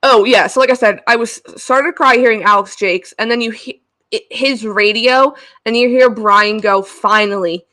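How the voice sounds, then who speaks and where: A woman's voice: on the high side, fairly even intonation, normal speed, pushed and bright, no room sound. Gushing young woman co-hosting, dry sound. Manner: gushing, laughs often, quotes people in voices. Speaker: podcast co-host. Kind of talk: casual chat.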